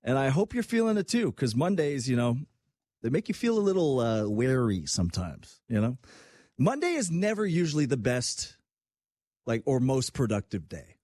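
An out-of-breath young man hosts a radio show, rambling excitably with lots of fillers. His pitch swings widely and his voice is a little husky. The sound is dry and close. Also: normal speed, no echo. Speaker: radio host. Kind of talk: casual radio show chat.

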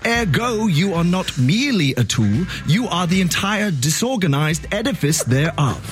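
A man's voice: sits high, very animated, normal speed, faint music behind. A man doing a pompous posh British king. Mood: haughty. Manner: pompous, condescending, formal. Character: impression of a haughty, posh older British king.

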